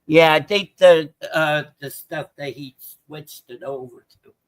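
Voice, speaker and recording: A man's voice: fairly high pitch, a little slow, no echo, rough recording. A man calling into a sports show, rambling and hesitant, with many fillers. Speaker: caller. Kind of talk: casual call-in chat.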